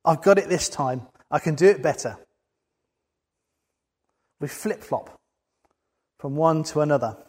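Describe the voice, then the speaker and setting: A preacher delivers his sermon with earnest conviction, rising to emphatic peaks. His voice sits a little high for a man. The sound carries a long reverb from a large hall. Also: animated, measured pace, long pauses, a little mellow, slightly rough.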